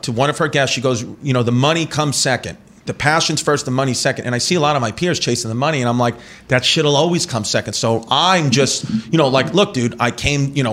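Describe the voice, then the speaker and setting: A man in his thirties, a comedian guest, telling rambling, profane stories in casual podcast talk. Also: fairly high pitch. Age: 30s. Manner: animated, profane, rambling anecdotes.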